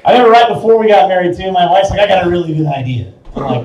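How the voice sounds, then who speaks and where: A man's voice: high-pitched, rapid-fire, few pauses, a little mellow, highs cut off, a little hiss or hum. A young man doing a crude, self-mocking stand-up set in a small bar. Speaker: stand-up comedian. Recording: echoey bar from far off.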